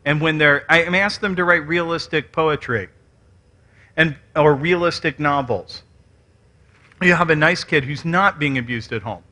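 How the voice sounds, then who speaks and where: A man from West Virginia with Southern rhythm and Canadian-like vowels, giving an animated, joking conference talk with audience questions. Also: on the high side. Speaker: conference speaker. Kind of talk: lecture and audience Q and A.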